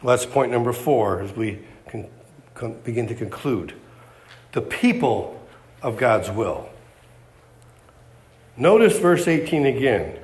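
A man's voice: mid-range voice, lively intonation, slow pace, long pauses. A man preaching a sermon, emphatic and repetitive, firing off rhetorical questions.

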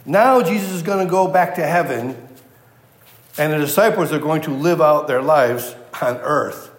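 A man preaching in a big, reverberant hall, his somewhat high voice carrying with a long echo. He teaches emphatically, repeating his key words and putting questions to the listeners. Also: normal speed. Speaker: pastor. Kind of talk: sermon.

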